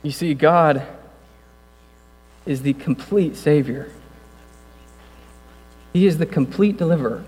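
A male pastor giving a casual sermon, talking conversationally with jokey asides and building to loud, passionate preaching. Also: a little high, takes it slowly, pauses often, slightly rough. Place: church room. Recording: long hall reverb, mains hum.

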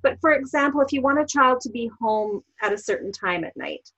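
A woman coach explaining parenting techniques calmly on a podcast, giving examples as she goes. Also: a little high, fairly quick, rough recording. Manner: calm, explanatory, gives examples. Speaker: NLP coach guest. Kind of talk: podcast interview.

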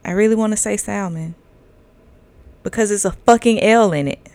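A woman in her thirties hosts a casual podcast monologue, candid and profane, laughing a lot and drawling loosely through fillers. Her mid-range voice is quick and slightly mellow, with no room sound.

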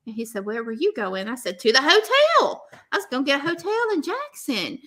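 A woman's voice: a little high, quick pace. A woman, telling a story in casual chat and acting out both sides of the dialogue. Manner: animated, laughing, acts out both sides of dialogue.

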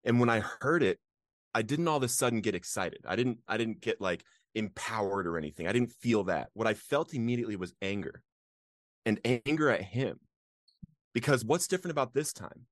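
A man's voice: fairly low pitch, fairly quick, dry recording, clean studio sound. A man as an interview guest, sharing a personal story earnestly and emotionally, breaking into laughs now and then. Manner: earnest, laughs often, animated when reliving moments.

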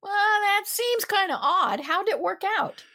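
A woman's voice: very high-pitched, unhurried, dry recording, clean studio sound. A woman hosting a talk show who introduces segments and plays along with her co-host's jokes by asking eager questions. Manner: lively, playing along with questions. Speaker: show host. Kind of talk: casual chat.

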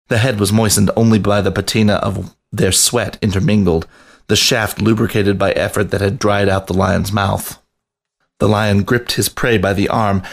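A man reading a story aloud on a podcast, narrating in a steady, even voice. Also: on the low side, creaky.

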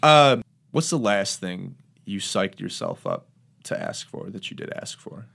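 A man's voice: low voice, huge pitch swings, measured pace, vocal fry, a bit bright, breathy edge. A man hosting a podcast in casual chat, blunt, teasing and profane. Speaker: podcast host.

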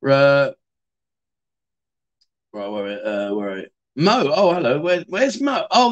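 A man's voice: mid-range voice, animated, slow pace, pauses often, highs cut off. A middle-aged man, hosting a casual livestream and chatting through viewer comments in a rambling way, often repeating words and restarting sentences. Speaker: livestream host.

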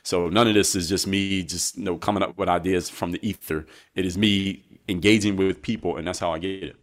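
Brief: male guest with a very low voice, a measured and reflective storyteller in an interview. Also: steady tone. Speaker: guest, basketball coach.

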